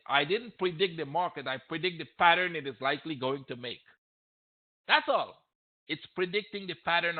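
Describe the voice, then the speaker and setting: A man teaching trading on a live question-and-answer stream, blunt and emphatic, repeating his points and getting heated. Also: medium pitch. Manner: blunt, emphatic, repeats himself, gets heated and loud at times. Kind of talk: live Q&A webinar. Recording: tinny phone-like audio.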